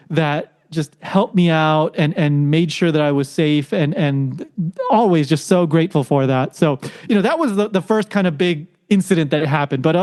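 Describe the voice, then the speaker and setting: A man from the United States with a high voice talks through a story as a podcast guest. He is animated and lifts his pitch to act out what the people in the story said. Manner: animated, acts out quoted voices with rising pitch. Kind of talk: casual storytelling.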